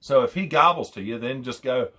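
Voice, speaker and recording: A man's voice: medium pitch, animated, fairly quick, sharp tone. A young man casually explaining hunting calls, rambling and repeating himself as he demonstrates. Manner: rambling, repeats phrases, imitates owl hoots. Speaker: hunting call instructor.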